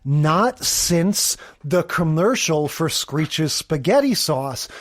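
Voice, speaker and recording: This is a podcast co-host in relaxed conversation about old sitcoms. The voice is mid-pitched and even. The delivery is wry and punctuated with laughs and little acted-out bits. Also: takes it slowly. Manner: wry, laughs often, acts out scenes with sound effects. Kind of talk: casual chat recapping a sitcom.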